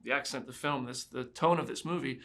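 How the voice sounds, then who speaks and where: A man hosting a podcast interview, eager and upbeat, quick to pay compliments. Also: medium pitch, fairly bright tone. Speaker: podcast host. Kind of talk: casual interview.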